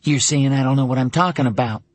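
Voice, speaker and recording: A male narrator voicing a fifteen-year-old son who is quick, teasing and defiant, a little higher than his own voice. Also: lightly acted.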